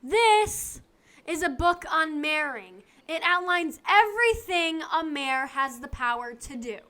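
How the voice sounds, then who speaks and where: Woman voicing a dry practical assistant, high bright voice, slow delivery, fan dub. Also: expressive, heavily acted. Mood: deadpan. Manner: dry, matter-of-fact.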